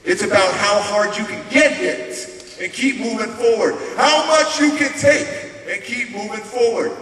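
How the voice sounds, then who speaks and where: A man's voice: sits high, a little slow, pitched above the performer's own voice. Brief: gritty, defiant boxer bellowing his creed, as a speaker imitates him, heard from the back of a big echoing hall. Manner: loud, hard-hitting delivery. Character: tough, gravelly movie boxer giving a speech. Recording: echoey hall from far off, hiss.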